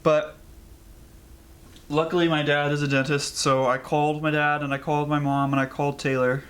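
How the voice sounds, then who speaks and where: A man's voice: fairly high pitch, flat delivery, normal speed, a bit bright. A young man vlogging casually in a rambling, anxious way, with lots of fillers. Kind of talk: casual vlog.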